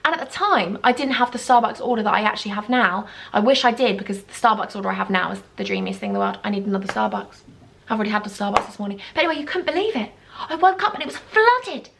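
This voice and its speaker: A young woman telling a dramatic, gushing storytime, acting out quoted voices with big jumps in pitch. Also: lively intonation, fast talker, vocal fry, fairly bright tone, a little hiss or hum. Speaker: YouTuber. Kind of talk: casual storytime chat.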